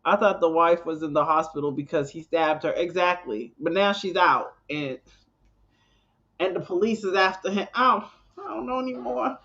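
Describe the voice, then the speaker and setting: A woman's voice: lowish voice, normal speed, fairly bright tone, lo-fi sound. Exasperated woman rambling on a live stream. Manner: rambling, exasperated, lots of restarts. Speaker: live stream host reacting. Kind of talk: live reaction chat.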